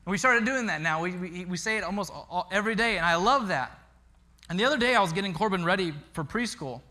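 A male pastor preaching with a bright, ringing voice that sits a little high for a man. He tells stories in an animated way and often doubles words as he speaks. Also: fast talker. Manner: animated storytelling with repeated words. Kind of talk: sermon.

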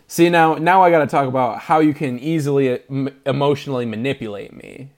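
A man's voice: mid-range voice, fairly quick, few pauses. A man co-hosting a podcast, chatting casually about movies, laughing often and making fun of himself. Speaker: podcast co-host. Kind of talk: casual movie-review chat.

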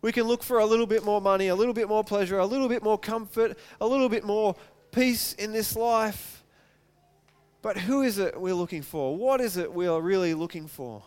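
A man preaching a sermon in a high, smooth voice. He retells a scripture story and keeps returning to the same pointed questions for his listeners. His tone is clear and resonant. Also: brisk, darkish tone. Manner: reads scripture aloud, then preaches with repeated rhetorical questions. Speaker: pastor.

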